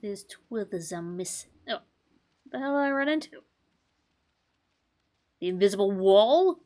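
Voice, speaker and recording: A woman's voice: mid-range voice, darkish tone. Woman let's-play host, casual sweary commentary, self-mocking, teasing. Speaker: gaming channel host.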